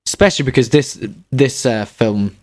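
A man hosting a podcast, animated and playful in casual chat. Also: medium pitch, moderate pace, no room sound, clean studio sound. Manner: animated and playful, breaking into shouts. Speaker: podcast host.

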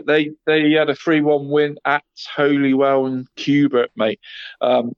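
A man's voice: a little high, clear, resonant tone, no echo. Chatty man reading football results. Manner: says "mate" and "Deeks" after nearly every phrase. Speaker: local football results presenter. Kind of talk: casual radio sports chat. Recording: slightly muffled, dry studio sound.

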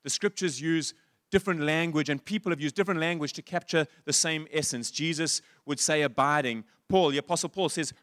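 A man preaching a sermon as a pastor, quoting writers and speaking with lively swings in pitch and loudness. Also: no echo, clean studio sound. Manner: animated, rises high and loud when quoting.

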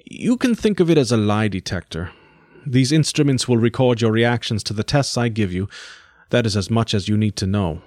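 A man voicing an impassive middle-aged male scientist who holds a prisoner, speaking slowly and without a smile. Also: fairly low pitch, expressive, darkish tone, dry recording, clean studio sound, close to an everyday voice. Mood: firm. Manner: slow, measured, unsmiling.

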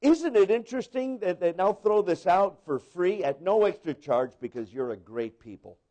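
A male pastor delivering a sermon, swinging between loud exclaiming and hushed asides as he acts out quoted voices. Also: high-pitched, animated, moderate pace.

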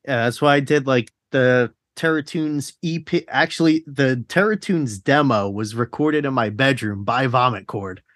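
A man's voice: mid-range voice, normal speed, hardly any pauses, a bit bright, no echo, clean studio sound. A man hosting a casual podcast chat, rambling along, laughing often and swearing casually. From South Jersey. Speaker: podcast host.

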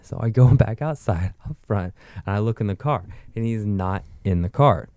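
A man's voice: on the low side, animated, moderate pace, dark tone, no echo. A young man telling a rambling, profane story in casual chat. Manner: profane, rambling, with frequent likes.

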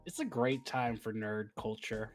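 A man's voice: on the low side, a little slow, soft background music. A man co-hosting a casual podcast, telling stories with lots of laughter. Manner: laughing, animated storytelling. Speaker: podcast co-host. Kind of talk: casual chat.

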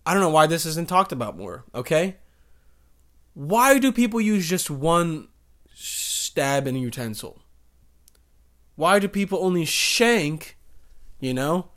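A man's voice: a little high, slow, pauses often. Rambling crude young man storyteller. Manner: rambling, crude, animated voices for characters. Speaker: comedic storyteller. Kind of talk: profane comedic monologue.

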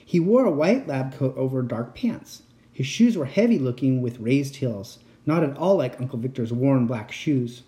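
Expressive man reading a children's story. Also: medium pitch, normal speed. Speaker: narrator reading a children's book.

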